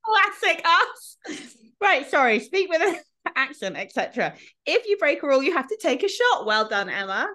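A woman's voice: high voice, very animated, brisk, fairly bright tone. A woman co-hosting a podcast in casual chat, laughing often and swearing freely. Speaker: podcast co-host.

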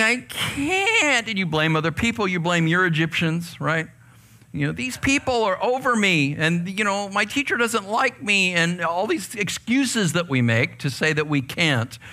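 A man preaching a sermon to a youth group, leading call-and-response and swinging from hushed asides to fired-up outbursts. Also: fairly high pitch. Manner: leads call-and-response with the audience.

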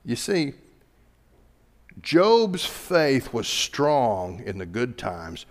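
A male pastor preaching a sermon in a church, animated, building to loud emphatic peaks. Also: mid-range voice, slow pace. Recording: reverberant hall.

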